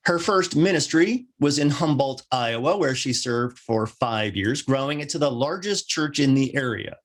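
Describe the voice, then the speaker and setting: A male minister delivering a sermon, with wry joking asides and lively rising emphasis. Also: mid-range voice, normal speed.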